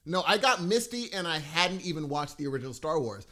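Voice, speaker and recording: A man co-hosting a podcast, chatting casually. His voice sits a little high and moves around a lot. He gets enthusiastic and often leaves sentences unfinished. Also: brisk. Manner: animated, enthusiastic, trailing off mid-sentence. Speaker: podcast co-host. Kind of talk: casual chat.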